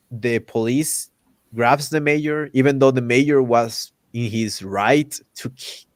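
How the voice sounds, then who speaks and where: Animated man ranting. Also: medium pitch, clear, resonant tone, no room sound. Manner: animated, indignant, many restarts. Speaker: host. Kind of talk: casual podcast rant.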